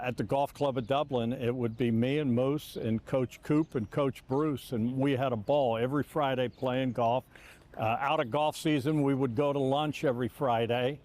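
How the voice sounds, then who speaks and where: An older man, a longtime sportscaster, telling stories in a reflective interview, often restarting sentences and acting out quoted lines. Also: medium pitch. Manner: animated, repeats words and restarts, acts out quotes.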